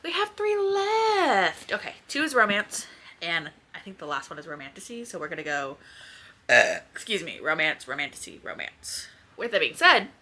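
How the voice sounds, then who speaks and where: A woman's voice: low-pitched, big pitch swings, fairly quick, pushed and bright. A woman, chatting casually and rambling at home by her bookshelves, speaking toward a camera and swearing now and then. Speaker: book vlogger. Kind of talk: casual chat. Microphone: camera in front.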